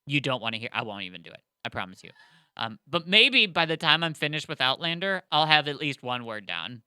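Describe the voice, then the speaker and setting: Excitable rambling male podcast host. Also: mid-range voice, a little fast, smooth, no echo, clean studio sound. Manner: excitable, rambling, full of fillers. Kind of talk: casual podcast chat.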